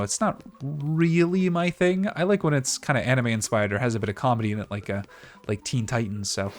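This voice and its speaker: A man from Canada chatting casually while he plays a video game, rambling with lots of fillers. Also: mid-range voice. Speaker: streamer playing a game. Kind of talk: casual gameplay commentary.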